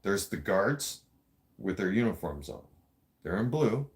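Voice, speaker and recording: A man with a low voice telling a story on his show in a loose, casual way. He is blunt and streetwise, swears in nearly every sentence, and talks straight at his listeners. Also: sing-song, unhurried, a little mellow. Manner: swears constantly and addresses listeners directly.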